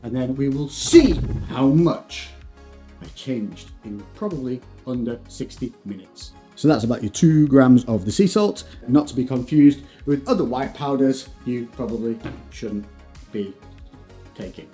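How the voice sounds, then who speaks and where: Chatty fitness guy, mellow voice, goofy whoops, faint music behind. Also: expressive, measured pace, breathy edge. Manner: chatty and playful, bursts of silly high whoops and hums. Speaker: fitness vlogger. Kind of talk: casual chat to camera. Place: home and garage gym. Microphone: shotgun mic on camera.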